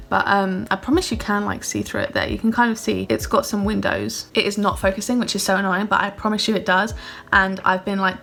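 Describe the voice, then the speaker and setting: A woman's voice: mid-range voice, creaky, fairly bright tone. A young woman in her twenties chatting casually about her makeup in her bedroom, upbeat and full of fillers, recorded on her phone. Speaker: beauty vlogger. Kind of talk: casual chatty product review. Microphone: phone camera.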